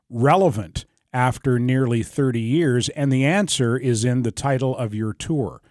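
Chatty radio host, dry studio. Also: male voice, medium pitch, lively intonation, moderate pace, hardly any pauses, darkish tone, dry recording. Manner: friendly, chatty, laughs easily. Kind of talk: casual radio interview.

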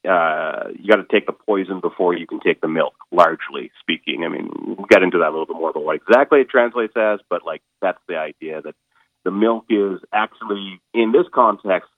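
Low-voiced man on a tinny phone line. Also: no room sound. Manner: halting, lots of fillers and restarts. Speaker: stage performer interviewed as a guest. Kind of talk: casual interview over the phone.

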